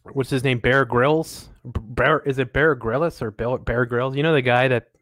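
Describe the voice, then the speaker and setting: A man's voice: mid-range voice, fairly even intonation, normal speed, a bit bright. A man hosting a show, giving sarcastic, mocking commentary on videos he plays and laughing often. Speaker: host. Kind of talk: casual commentary reacting to videos.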